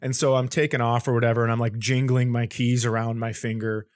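A man in casual podcast conversation, telling a long comic anecdote at a middle pitch. He acts out the people he quotes and laughs along the way. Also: level tone, brisk. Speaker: comedian guest.

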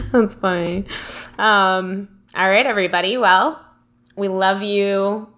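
A woman's voice: medium pitch, takes it slowly, a bit bright. A young woman co-hosting a podcast, chatting casually with lots of giggles. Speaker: podcast co-host.

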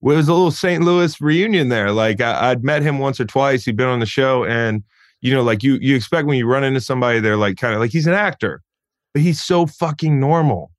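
A man's voice: medium pitch, a little fast, no room sound, studio quality. A man guesting on a podcast, chatting in a laid-back way, swearing and saying "dude" a lot. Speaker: podcast guest, former football player. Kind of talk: casual chat.

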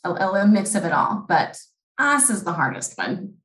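A woman's voice: on the low side, sing-song, normal speed, a bit bright. A woman in her thirties from rural Southeast Missouri with a Southern Missouri accent, chatting as a podcast guest in a wry, self-deprecating way. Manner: wry, self-deprecating, repeats words at starts. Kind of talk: casual chat. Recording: roomy echo.

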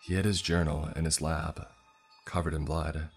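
Deep husky guy narrating a creepy story, tense and measured, quiet music behind. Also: flat delivery. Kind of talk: scripted horror narration. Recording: faint music underneath.

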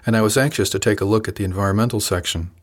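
A man with a fairly low voice reads a first-person novel aloud in a measured, calm way. His delivery is scripted and steady. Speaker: audiobook narrator.

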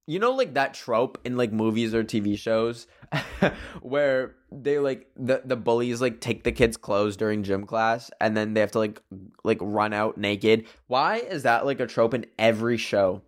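A man's voice: medium pitch, unhurried. A young man rambling playfully through casual would-you-rather questions on his own video channel, with many fillers. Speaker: solo video creator.

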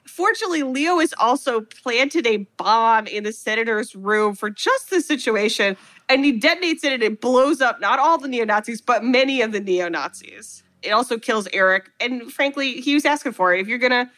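A woman with a bright, high voice chatting casually as a podcast co-host. She retells a movie plot with animated storytelling and slips into quick acted-out lines for the characters. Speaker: podcast co-host recapping a film. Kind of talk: casual chat.

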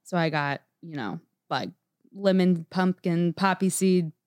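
A woman co-hosts a casual podcast with her family, spinning stories full of fillers. Her voice sits on the low side. The recording is dry and close. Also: measured pace, darkish tone, dry recording. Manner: chatty, many "like" fillers, tells stories. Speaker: podcast co-host.

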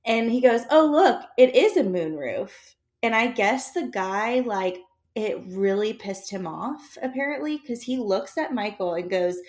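A woman telling a story in casual chat, animated and acting out the dialogue, with laughter between lines. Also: on the high side, unhurried.

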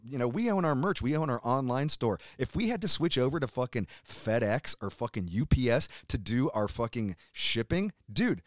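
A middle-aged American metal musician, guesting on a podcast, rants heatedly in emphatic, profane casual talk, swearing constantly. His medium-pitched voice is animated, at normal speed with hardly any pauses. The recording is dry and studio quality.

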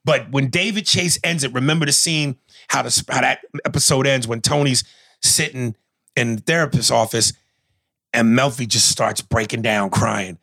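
Male co-host, bright, forceful voice, excitable and profane in casual recap chat. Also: mid-range voice, moderate pace, vocal fry. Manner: animated, profane storytelling with loud outbursts.

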